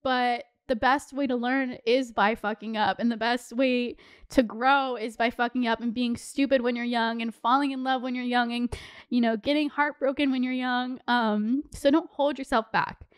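A young woman in her twenties chats on her podcast in a high, smooth, clear voice. She gives heartfelt advice casually, full of "like" and "you know". The sound is close and dry. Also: fairly even intonation, moderate pace, no room sound. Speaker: podcast host.

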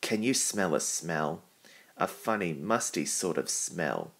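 A man voicing a cheeky, excitable little tank engine in a storybook reading, with a deep voice and a slow delivery. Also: vocal fry, heavily acted. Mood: teasing.

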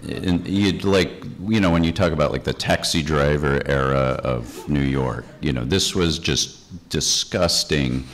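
A man in his fifties from Chicago with an exceptionally low, deep voice tells a long story on a convention stage. He rambles animatedly, peppering every sentence with "like." He sounds like a comics artist reminiscing for a crowd. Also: unhurried, hardly any pauses, fairly bright tone. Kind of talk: anecdotal storytelling on a panel. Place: convention stage before an audience.

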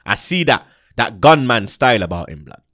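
Young guy chatting football, loud slangy banter, swears a lot, dry close sound. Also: mid-range voice, moderate pace, dry recording. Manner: animated, slangy, swears, laughs often. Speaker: football channel host. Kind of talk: casual football chat.

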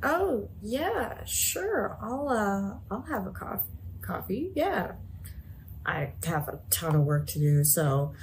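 A woman's voice: mid-range voice, sing-song, slow, a little hiss or hum. A woman voicing a baffled, tired young female coworker who just wants coffee, talking in a hesitant, stammering way.

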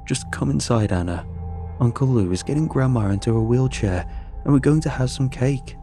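A man doing a calm, cautious father. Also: medium pitch, moderate pace, soft background music, voice pushed up, lightly acted. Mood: soothing. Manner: soothing, cautious.

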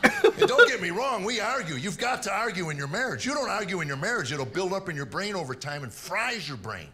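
A man in his sixties working a stand-up set with a dry, storytelling delivery and a fairly high voice. Heavy audience laughter and room noise sit under every line, as from a live comedy stage. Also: sing-song, a little fast. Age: 60s. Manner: dry storytelling with acted-out quotes. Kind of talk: stand-up routine.

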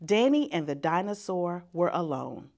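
A woman reading a children's picture book aloud as a guest reader, in an expressive storytelling manner. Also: lowish voice, moderate pace.

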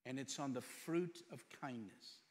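A middle-aged man preaching a sermon as pastor, firing off rhetorical questions and moving between loud emphatic lines and quiet storytelling. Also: mid-range voice, measured pace. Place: church sanctuary. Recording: long hall reverb.

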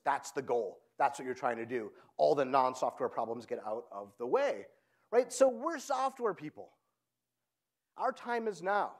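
High-voiced energetic man giving a keynote. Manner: energetic, keeps checking in with the audience by asking "right?". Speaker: conference speaker. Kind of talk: keynote talk.

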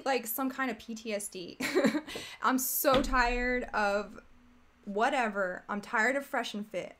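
A woman's voice: on the high side, a bit bright. A woman hosting a casual commentary stream, talking in a rambling, exasperated, chatty way. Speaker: streamer host.

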